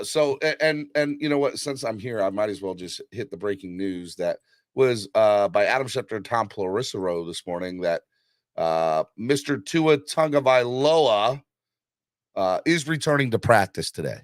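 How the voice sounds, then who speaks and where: A man with a low voice hosts a casual live-stream sports chat. He is hyped and rambles with plenty of fillers while he urges viewers to like and donate. The sound is dry, with no room echo. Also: animated, normal speed. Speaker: livestream host.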